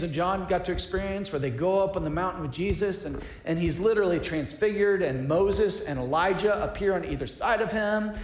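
A male pastor giving a conversational, animated sermon, often restarting his sentences. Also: sits high, echoey room, rough recording.

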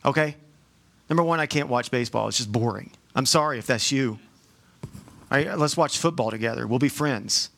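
A man's voice: medium pitch, fairly quick, vocal fry, a bit bright. A man preaching a sermon as pastor, talking casually with joking asides and frequent restarts.

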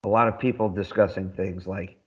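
A man in casual podcast chat, rambling excitedly and laughing often as he recaps. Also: sits low, a little fast, husky, lo-fi sound. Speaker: podcast co-host.

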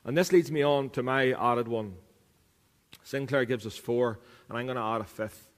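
Man, pastor, earnest sermon, repeats lines for emphasis, mid-pitched voice, long church reverb. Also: normal speed.

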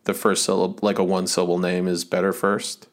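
Over a remote call mic, this Massachusetts man in his thirties, a podcast co-host, rambles through casual chat in a laid-back manner. He has a low voice and talks fast with a completely flat delivery.

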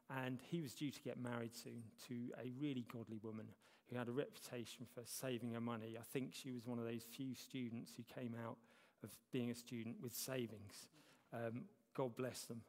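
A man's voice: medium pitch, flat delivery, moderate pace, a little mellow. A man preaching a sermon as a church elder, talking conversationally with self-deprecating humor. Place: church hall. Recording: long reverb of a church hall.

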